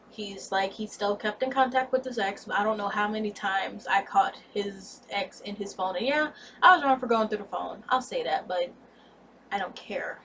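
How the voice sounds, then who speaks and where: A young woman in her twenties telling a candid, blunt storytime vlog about a breakup, expressive and cursing freely. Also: medium pitch, recorded from a distance, slight background noise. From United States. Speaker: vlogger.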